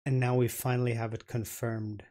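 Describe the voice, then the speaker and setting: A man hosting a reaction video, gushing and halting as he comments, often repeating his words. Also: medium pitch, flat delivery, warm tone.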